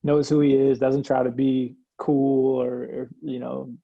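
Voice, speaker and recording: A young man from Iowa speaks as a podcast guest, his voice gravelly with a husky edge. He talks in a loose, easygoing way, laughing often and filling gaps with slang. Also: medium pitch, flat delivery, unhurried, no room sound, highs cut off. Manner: laid-back, laughs often, lots of slang fillers. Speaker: guest, former college point guard. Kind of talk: casual podcast chat.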